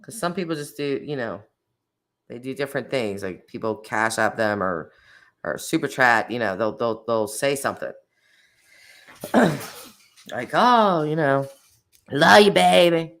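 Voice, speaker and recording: A woman's voice: extremely low pitch, expressive, normal speed, pauses often, a bit bright. A woman hosting a casual livestream, chatting animatedly with her viewers and laughing often. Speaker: livestream host.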